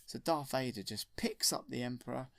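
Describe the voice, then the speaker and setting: A man's voice: medium pitch, normal speed, vocal fry, no room sound. Rambling man retelling a story. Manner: rambling and enthusiastic, with self-corrections. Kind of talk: retelling a film from memory.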